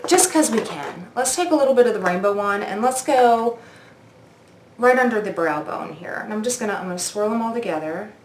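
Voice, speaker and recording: A woman's voice: medium pitch, expressive, a little fast. Forties woman gushing over makeup, echoey room, faint hum behind her. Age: 40s. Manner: gushing, oohing and aahing. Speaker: beauty vlogger. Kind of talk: casual makeup review. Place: indoors at a makeup mirror.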